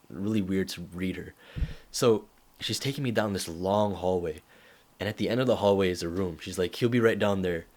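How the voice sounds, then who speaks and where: A young man talking casually to camera, giving advice and acting out little stories with quoted voices. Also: deep voice. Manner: animated storytelling with acted-out quotes.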